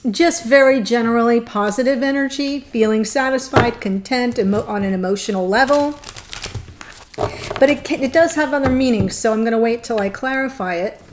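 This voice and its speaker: A woman giving a gushing, excitable tarot reading, choked up and near tears. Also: on the high side, background noise. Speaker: tarot reader.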